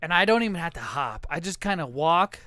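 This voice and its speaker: A man's voice: fairly high pitch, brisk. A middle-aged man telling crude stories as a podcast co-host, swearing freely and acting out the people in them. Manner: profane, animated, acts out voices in anecdotes. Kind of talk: crude casual storytelling.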